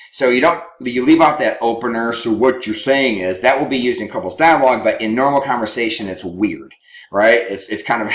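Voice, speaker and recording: A male counselor with a mid-range, slightly bright voice gives a conversational teaching talk on couples communication, often checking in with his listeners. The recording has a roomy echo.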